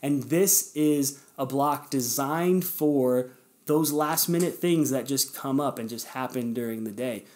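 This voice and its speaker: Give me a man of middle pitch hosting a podcast, earnestly coaching his listeners in a casual way. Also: measured pace, darkish tone. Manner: earnest, encouraging, addresses listeners directly; conversational, with fillers and self-corrections. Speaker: podcast host. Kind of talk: casual motivational podcast talk.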